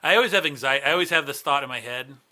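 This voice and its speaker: A man's voice: mid-range voice, racing, pushed and bright. A man who is a stand-up comedian, a guest on a casual podcast, teasing and swearing loosely. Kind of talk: casual chat.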